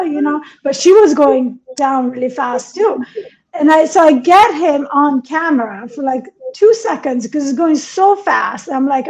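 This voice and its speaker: A woman with a high voice chats casually on a podcast, laughing often as she tells her stories. She sounds like she's in her thirties. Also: a little slow, a little mellow, low-quality recording. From Europe. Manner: laughs often, chatty storytelling. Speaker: podcast co-host. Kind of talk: casual chat.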